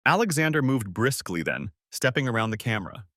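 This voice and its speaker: A male narrator reading a dramatic story, his pitch rising and falling a lot as he builds tension. The voice sits at an ordinary pitch for a man. It sounds dry and close to the mic. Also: sing-song, a little fast, a bit bright, dry recording.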